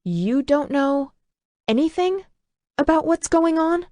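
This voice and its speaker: A woman voicing a distraught, sharp-tongued young woman who snaps when upset. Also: medium pitch, moderate pace, dry recording, lightly acted. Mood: incredulous. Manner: upset, snapping.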